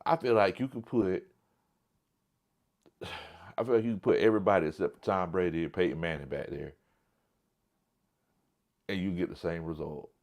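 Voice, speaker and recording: A man's voice: deep voice, normal speed, long pauses, a little mellow. A man hosting a casual livestream sports talk show, blunt and emphatic, often repeating his point.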